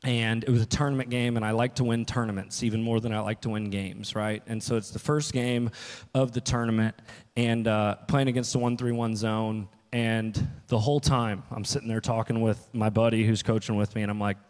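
A man's voice: lowish voice, little pitch movement, a little fast, darkish tone. A man preaching a casual, story-filled sermon as pastor, often restarting and quoting himself. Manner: storytelling with restarts and quoted asides. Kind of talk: conversational sermon. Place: church hall. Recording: long reverb of a church hall.

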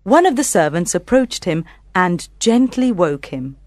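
A woman narrating a storybook audiobook in a calm, clear reading voice. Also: on the low side, measured pace, dry recording, clean studio sound.

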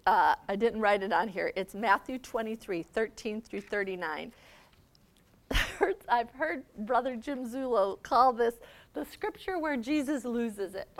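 Middle-aged woman, seminar speaker, chatty, laughs easily, fairly high voice. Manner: conversational, often asks "okay?", laughs easily. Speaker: social worker giving a seminar talk. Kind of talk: faith seminar talk. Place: seminar room.

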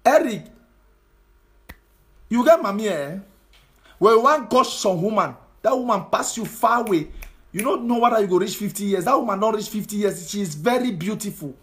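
A political commentator with a Cameroonian Pidgin English accent scolds his audience in a fiery social media monologue full of repeated rhetorical questions. He speaks at normal speed in a high, animated, fairly bright voice.

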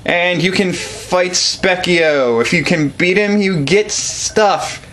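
A man's voice: high-pitched, slow pace, a bit bright, a little hiss or hum. Joking man commenting on a game. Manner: joking, self-deprecating. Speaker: let's play commentator.

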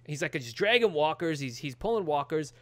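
A man's voice: on the high side, expressive, a little fast. A man co-hosting a podcast, casually recapping a TV episode and acting out the characters' lines in quotes. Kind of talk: casual chat.

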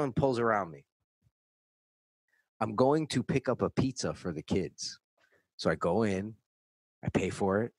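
A middle-aged man from New York on a podcast call, telling a story casually with lots of swearing and animated quoted voices. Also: medium pitch, normal speed, creaky, no room sound. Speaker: podcast co-host. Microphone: remote call.

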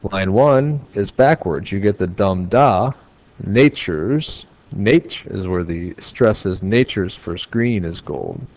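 A man's voice: lowish voice, darkish tone. An American man as a teacher, explaining poetry homework step by step and tapping out the stressed beats aloud.

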